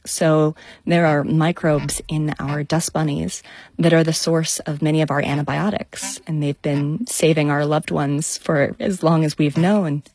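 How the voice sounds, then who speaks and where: A woman's voice: sits low, darkish tone, breathy edge, no room sound. A young adult woman scientist telling her own story with vivid enthusiasm. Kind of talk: storytelling talk.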